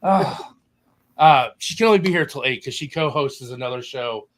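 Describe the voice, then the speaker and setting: A man's voice: medium pitch, animated, brisk, fairly bright tone. Man hosting a loose, rambling podcast. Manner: loose, rambling, trips over guests' names. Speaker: podcast host. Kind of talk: casual live-stream chat.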